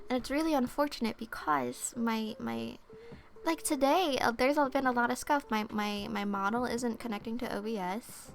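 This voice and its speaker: A young woman talks softly through an oracle card reading, musing aloud and apologising for hiccups along the way. Her voice sits a little high, with a gravelly fry at the ends of her words. Faint hiss sits under the stream audio. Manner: soft, chatty, apologetic, thinks aloud. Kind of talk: soft-spoken ASMR card reading.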